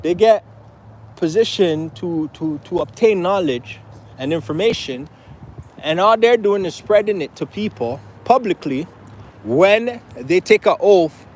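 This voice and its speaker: A man with a high-pitched voice delivers a rambling unscripted monologue to his viewers. He talks emphatically, repeats himself, and keeps asking rhetorical questions, with faint noise in the background. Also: low-quality recording. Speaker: vlogger.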